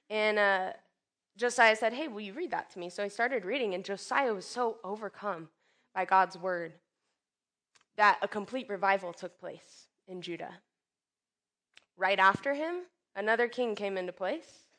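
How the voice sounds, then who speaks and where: A woman preaching a sermon, expressive, swinging from loud emphatic lines to soft hushed ones and acting out quoted speech. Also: medium pitch. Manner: acts out quoted speech with sudden bursts.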